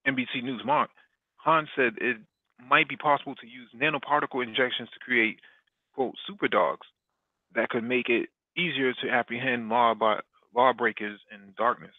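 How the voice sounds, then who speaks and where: Male host reading news copy, mid-range pitch, frequent restarts, tinny phone-like line. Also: fairly even intonation, moderate pace, dry recording. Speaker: podcast host. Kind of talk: reading a news article aloud.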